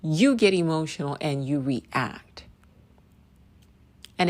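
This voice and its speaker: A woman's voice: low voice, animated, a little slow, gravelly. A woman giving a blunt, profane opinion monologue, often tossing in a rhetorical "right?". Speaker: commentator. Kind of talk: direct-to-camera opinion monologue. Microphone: video call.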